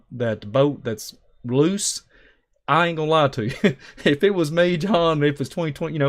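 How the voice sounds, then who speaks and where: A man telling stories on a talk show, emphatic and rambling, acting out the voices of people in his stories. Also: on the high side. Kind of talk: animated storytelling on a talk show.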